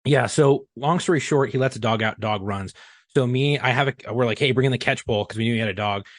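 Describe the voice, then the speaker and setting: A man's voice: medium pitch, brisk, dry recording, studio quality. A man, a former police chief, telling a rambling, profane story on a podcast. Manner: profane, rambling anecdote with many fillers. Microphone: studio podcast mic.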